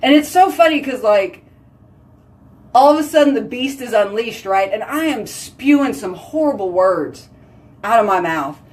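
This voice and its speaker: A woman's voice: a little high, lively intonation, moderate pace, a little mellow. A chatty woman, hosting a casual live stream and talking with her viewers. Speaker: livestream host.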